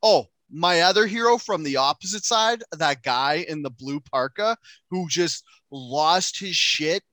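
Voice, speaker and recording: Young man, podcast co-host, loose animated chatter, crisp dry close-mic read. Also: on the high side, a little slow, no room sound. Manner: animated, profane, acts out quotes. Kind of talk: casual chat.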